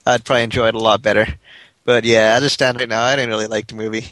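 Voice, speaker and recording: A man's voice: fairly low pitch, little pitch movement, very fast, a bit bright, no echo. Laid-back, blunt man in chat. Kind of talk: casual chat.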